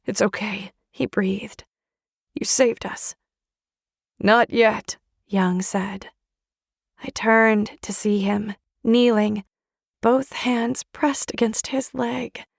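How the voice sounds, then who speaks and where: A woman's voice: fairly high pitch, creaky, no room sound, studio quality. A woman narrating an audiobook in a dramatic, emotional first-person reading. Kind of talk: scripted narration.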